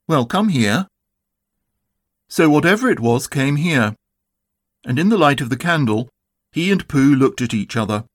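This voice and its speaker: Calm and measured, a mid-range male narrator brings expression to a children's storybook reading.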